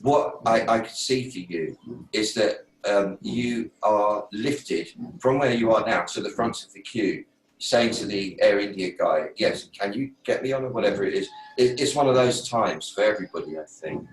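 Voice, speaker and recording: A man hosting an online meeting, telling a personal story in a casual, animated way and acting out his own thoughts. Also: lowish voice, moderate pace. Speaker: host. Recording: roomy sound from a distant mic.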